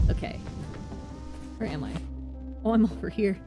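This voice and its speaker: A woman streamer chatting excitedly to herself as she plays a video game and reads out its dialogue. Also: medium pitch, moderate pace. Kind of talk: casual game commentary with read-out dialogue. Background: game music.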